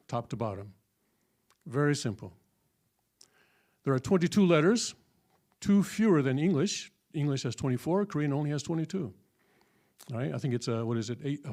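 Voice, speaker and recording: Man, church lecture, patient step-by-step teaching, many fillers, frequent check-ins, somewhat high voice. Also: a little mellow. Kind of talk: classroom lecture. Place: church hall.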